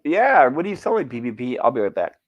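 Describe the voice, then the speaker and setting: A man's voice: mid-range voice, big pitch swings, fast, muffled recording. A man chatting casually on a game stream, rambling, with many restarts and asides, reading out viewer comments.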